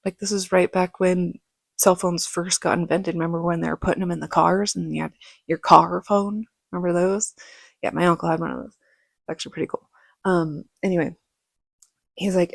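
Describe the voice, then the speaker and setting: A woman vlogger telling a personal story casually, acting out quoted lines in a higher, louder voice. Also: steady tone, moderate pace, creaky, pauses often, no room sound, studio quality. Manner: casual, many fillers like "like".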